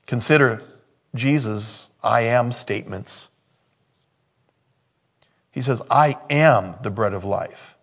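A male pastor delivering a sermon, moving from quiet scripture reading to loud, emphatic preaching. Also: medium pitch, slow pace, vocal fry, long pauses.

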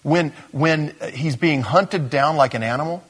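Husky-voiced male pastor preaching conversationally. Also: fairly high pitch, a little slow. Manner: conversational, self-deprecating, addresses congregation as gang. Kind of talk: sermon.

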